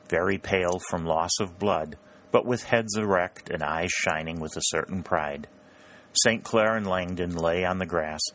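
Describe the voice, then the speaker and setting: A man reading a story aloud in a measured storytelling manner, lightly voicing the characters. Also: deep voice, a bit bright. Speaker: audiobook narrator. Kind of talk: scripted narration.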